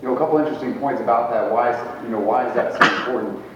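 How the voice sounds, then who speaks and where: A man co-presenting a live seminar, bantering and chiming in with quick remarks. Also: medium pitch, very noisy. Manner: fast, bantering, chimes in. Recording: echoey hall from far off, dull sound.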